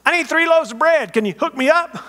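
A man's voice: very high-pitched, animated, a little fast, pushed and bright, long reverb tail, voice pushed up, exaggerated voice. A man voicing a pushy male friend who begs for favors at midnight, in a chummy, casual way. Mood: wheedling.

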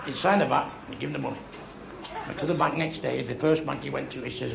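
A fast-talking stand-up with a fairly high, gravelly voice tells blunt, crude jokes at a live club venue, turning now and then to address the crowd. The recording is an echoey, dull, lo-fi live tape with crowd noise.

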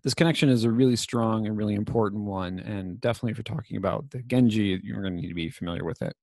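A man giving a recorded course lecture, casual and digressive with many fillers, his voice slightly raspy from talking. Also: on the low side, fast, a little mellow, dry recording, clean studio sound.

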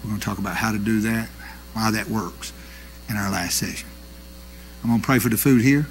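A middle-aged man, preaching a sermon with animated storytelling that swings from loud to hushed. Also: on the low side, fairly quick, gravelly, pauses often, a little hiss or hum.

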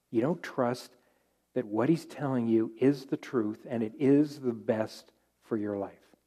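A middle-aged man preaching at a Bible study with a warm, mellow voice. He speaks earnestly and circles back to his key phrases to drive them home. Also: mid-range voice. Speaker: pastor.

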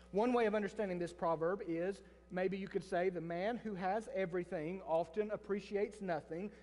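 A pastor preaching a sermon in church, telling a story with restarts and asides to the congregation. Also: male voice, high voice, darkish tone, long reverb tail. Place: church sanctuary.

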